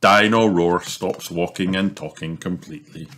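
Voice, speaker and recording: Deep-voiced man reading a storybook aloud. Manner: slow, expressive, sing-song reading. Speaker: storybook reader. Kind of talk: children's storybook read aloud.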